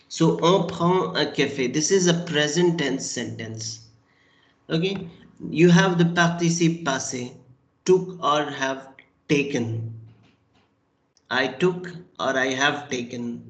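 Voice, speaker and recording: A man teaching a French class over a video call, slow and patient, praising and prompting his students. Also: on the high side. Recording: echoey room.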